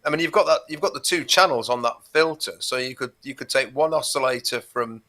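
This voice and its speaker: A man's voice: mid-range voice, brisk, pushed and bright. A man co-hosting a casual livestream, thinking aloud and repeating words as he goes. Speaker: co-host.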